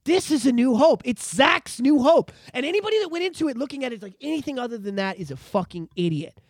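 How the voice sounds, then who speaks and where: Podcast host, male, very high and lively voice, profane and excitable, dry sound. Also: fast, no room sound. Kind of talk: casual chat.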